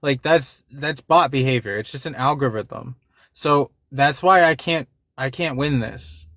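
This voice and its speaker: A man's voice: mid-range voice, a little slow, bright, forceful tone, dry recording, clean studio sound. A man hosting a livestream, talking casually and with frustration to his chat, swearing and repeating himself. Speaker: livestream host.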